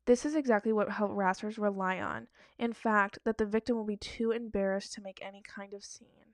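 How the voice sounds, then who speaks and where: A woman's voice: medium pitch, fairly even intonation, a little fast, no room sound. A woman giving casual, blunt reaction commentary on advice-forum stories, emphatic and profane.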